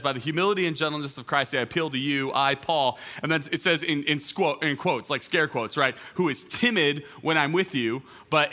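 Male pastor, sermon delivery, bright, slightly high voice, earnest, repeats key lines. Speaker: teaching pastor. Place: church auditorium, also streamed online.

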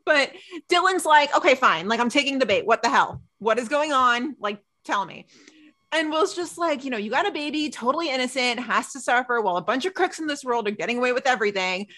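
Animated woman recapping a TV episode. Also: sits high, a little fast. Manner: animated, acts out characters' lines in quotes. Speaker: podcast co-host. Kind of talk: casual chat recapping a TV episode.

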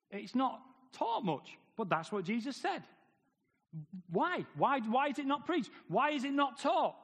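A man's voice: very high voice, a bit bright. A man preaching a sermon, firing off rhetorical questions with wry humor. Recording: long hall reverb.

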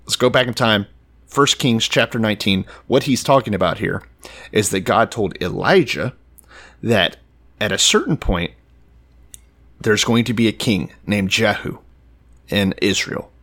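Male podcast co-host, low voice, wry and profane storyteller. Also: expressive, unhurried, pauses often, fairly bright tone. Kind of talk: irreverent casual chat, retelling scripture.

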